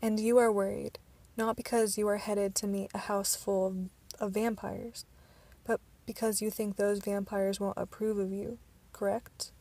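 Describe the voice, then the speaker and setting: A woman voicing a young male vampire, intense and protective, in a soft hushed delivery in an audiobook reading. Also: mid-range voice, level tone, a little slow, hardly any pauses.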